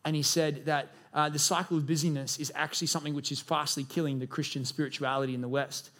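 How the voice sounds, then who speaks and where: Young guy pastor preaching, kinda high voice, animated, does little voices in his stories. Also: fast talker. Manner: animated, acts out voices in quotes. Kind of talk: sermon.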